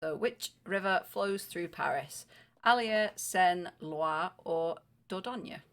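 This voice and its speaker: A woman co-hosts a casual online quiz at home, reading out questions in a relaxed way. Her voice sits a little low, and she laughs easily between questions. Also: slow pace. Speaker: quiz co-host. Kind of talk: casual live-stream quiz chat.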